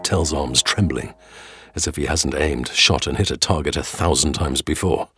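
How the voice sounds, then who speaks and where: A man narrating a dramatic audio storybook with expressive storytelling. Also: extremely low pitch, normal speed, husky, faint music behind.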